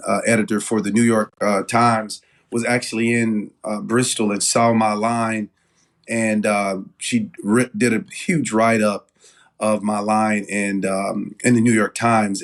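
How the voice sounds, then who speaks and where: A man, a business owner telling stories as an interview guest in a casual, animated way with lots of fillers and restarts. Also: on the low side. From Knoxville, Tennessee.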